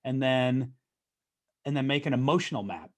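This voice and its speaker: A man's voice: medium pitch, normal speed. A man hosting a podcast interview, talking conversationally and recapping points with tag questions. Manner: conversational, recaps points, frequent fillers and "right?". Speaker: podcast host.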